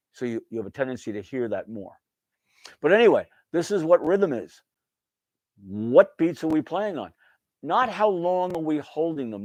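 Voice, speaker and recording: A man's voice: medium pitch, a little mellow, dry recording. Dry-voiced man teaching piano rhythm. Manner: sings rhythms aloud with bum and da syllables; folksy, calls notes guys. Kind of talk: casual music lesson.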